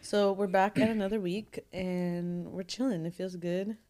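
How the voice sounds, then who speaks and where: A young woman co-hosting a casual podcast while nine months pregnant, chatty and quick to laugh. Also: medium pitch, steady tone, dark tone. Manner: giggly, chatty, lots of fillers. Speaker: podcast co-host. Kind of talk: casual chat.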